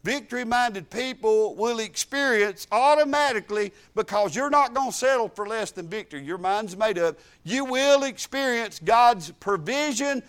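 A man's voice: extremely high pitch, lively intonation, moderate pace, few pauses, fairly bright tone, clear, resonant tone. A male pastor preaching a fervent, emphatic sermon and repeating his phrases.

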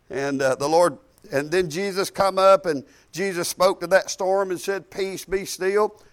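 A man preaching a sermon and telling a testimony, building up to emphatic, shouted lines. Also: high voice, steady tone, slow pace.

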